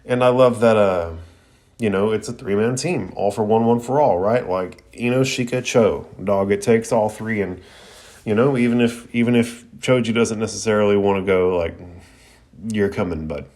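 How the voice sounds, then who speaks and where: A young man hosts an anime review show, talking through the episode in loose, slangy chat. His voice sits a little low. He laughs easily, swears now and then and restarts his sentences. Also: normal speed, darkish tone. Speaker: podcast host reviewing anime. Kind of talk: casual episode recap.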